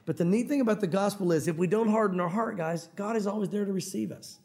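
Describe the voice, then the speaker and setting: A man with a Tennessee accent preaches, talking fast and earnestly in a conversational way. His voice sits high for a man. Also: creaky, a little mellow. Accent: Tennessee Southern. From Tennessee, US South. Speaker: pastor. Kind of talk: evening sermon.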